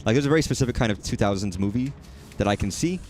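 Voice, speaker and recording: Rambling low-voiced man streaming a game. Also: lively intonation, very fast, darkish tone, soft background music. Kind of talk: casual gaming commentary.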